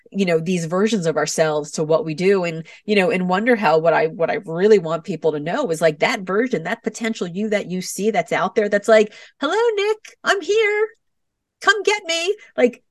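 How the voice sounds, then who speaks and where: A woman's voice: on the low side, no room sound, studio quality, recorded from a distance. A middle-aged woman, an author and podcast guest, talking animatedly and acting out voices as she tells stories. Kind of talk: podcast interview.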